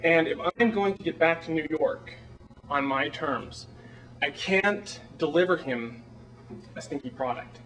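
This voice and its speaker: A flamboyant small-town theater director, played by a man, gushes and rambles in a somewhat high voice. He sounds a little far from the microphone. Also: a bit bright. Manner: chatty, rambling, gushing. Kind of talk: film monologue performance.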